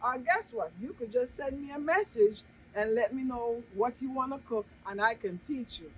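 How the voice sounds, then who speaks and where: A woman's voice: fairly high pitch, normal speed, slight background noise, low-quality recording. A woman from Jamaica, hosting a casual cooking vlog, bubbly and exclaiming often as she repeats her catchphrases. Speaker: cooking channel host.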